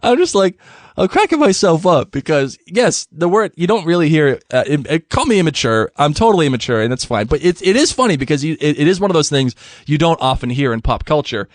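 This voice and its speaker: A man's voice: fairly high pitch, sing-song, a little fast, dry recording, clean studio sound. A young man hosting a podcast, rambling casually with frequent laughter and restarts. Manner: giggly, rambling, many restarts. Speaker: podcast host.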